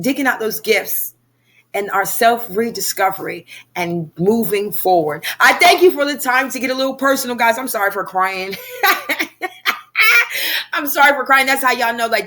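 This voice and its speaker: A woman leading a personal growth class, talking emphatically and repeating her points like a preacher. Her voice sits a little higher than usual. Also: fairly bright tone. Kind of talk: motivational personal talk.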